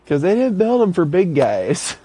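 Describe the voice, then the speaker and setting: A man's voice: high-pitched, big pitch swings, moderate pace, mellow, husky, no echo, low-quality recording. A man telling a funny story in casual chat, laughing often and acting out quotes with a raised voice.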